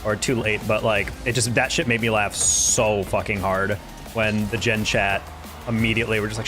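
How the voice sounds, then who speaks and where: A man's voice: fairly low pitch, fast, music in the background. A young man streaming a game, chatting casually with his viewers and ranting about teammates with slang and swearing. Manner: laid-back, ranting with profanity and slang. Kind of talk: casual gameplay commentary to chat.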